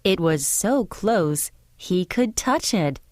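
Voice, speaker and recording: A woman narrating a children's storybook in a clear, expressive way. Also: lowish voice, slow pace, no echo, clean studio sound.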